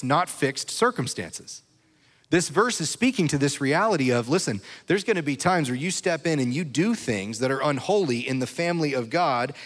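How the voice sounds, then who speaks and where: A man's voice: on the high side, fairly bright tone. A man preaching a sermon as pastor, talking in a conversational way and checking in with his listeners. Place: church. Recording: reverberant hall.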